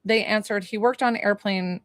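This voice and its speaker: A young woman gives a psychic reading in a loose, searching way, full of "um" and "like" and questions to the sitter. Her voice sits at an ordinary pitch. The sound is dry and close, with no room echo. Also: steady tone, normal speed. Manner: chatty, hesitant, many fillers and questions. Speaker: psychic medium giving a reading. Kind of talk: live-streamed spiritual reading.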